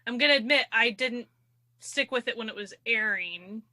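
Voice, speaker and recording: A woman's voice: a little high, moderate pace, bright, forceful tone, no room sound. A woman co-hosting a podcast, talking hesitantly and thoughtfully, hedging her answers. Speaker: podcast co-host. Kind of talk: casual chat.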